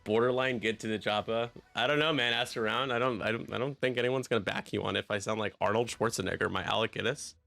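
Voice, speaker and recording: Guy casting a tabletop game on stream, lowish gravelly voice, jokey and self-deprecating, bright tone. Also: fairly even intonation, fast, hardly any pauses, no echo, faint music behind. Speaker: league commentator. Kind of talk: live stream game commentary.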